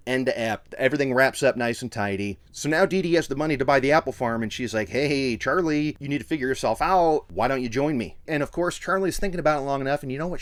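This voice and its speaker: Animated male reviewer, dry sound. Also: medium pitch, no echo. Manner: excitable, slangy, quotes characters in voices. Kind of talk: casual review.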